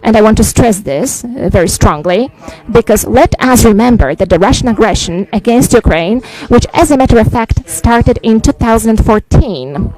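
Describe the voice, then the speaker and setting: A middle-aged man from Poland, a native Polish speaker, delivers a formal press statement in English with a Polish accent, speaking deliberately and emphatically with frequent "uh" hesitations. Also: high-pitched, lively intonation, darkish tone, low-quality recording. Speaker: visiting head of state.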